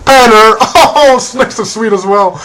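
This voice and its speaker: A man hosting a card break, calling out player names and teams in a relaxed, casual way and laughing now and then. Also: high voice, measured pace, a little hiss or hum, poor audio. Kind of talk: casual card-opening commentary.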